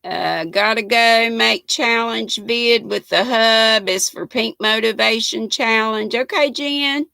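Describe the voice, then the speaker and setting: A woman's voice: on the high side, slow pace, vocal fry, hardly any pauses, bright, forceful tone, no echo. An older woman with a Southern US accent hosting a casual live stream, chatting folksily and greeting viewers by name as she answers their comments. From North Carolina.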